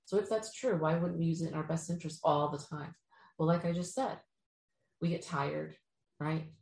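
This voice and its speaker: A woman's voice: sits low, steady tone, normal speed, creaky, darkish tone, reverberant, poor audio. A woman giving casual motivational advice, often checking in with "right?" and acting out what other people might say. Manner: acts out quoted people in bouncy voices, frequent "right?". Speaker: speaker giving life advice.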